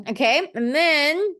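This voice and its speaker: Speaking very slowly in a high, somewhat bright voice with lively intonation, a middle-aged woman gives a classroom-style poetry lesson. She narrates her thinking as she writes, stays encouraging, and keeps checking in with "okay."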